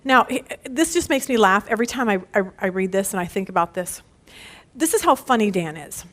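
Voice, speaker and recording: A woman's voice: medium pitch, fairly quick. A woman leading a women's Bible study, telling stories casually and with animation, often laughing at them. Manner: animated storyteller who laughs at her own stories; casual and conversational.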